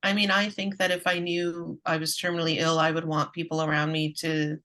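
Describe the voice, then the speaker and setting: A woman hosting a casual conversation, speaking calmly and reflectively, with soft replies while she listens. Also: low-pitched, a little fast. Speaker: host.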